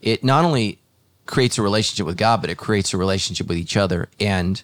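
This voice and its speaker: Earnest low-voiced pastor hosting a podcast. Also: male voice, fast, a bit bright, dry recording. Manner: thoughtful, earnest, with frequent fillers and restarts. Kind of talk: casual podcast conversation.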